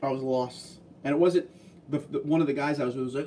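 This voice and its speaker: A man's voice: medium pitch, fast talker, distant mic, a little hiss or hum. Laid-back man chatting on a livestream. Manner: relaxed, chatty, reads comments aloud and answers them. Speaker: livestream host reading viewer chat. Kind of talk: casual livestream chat.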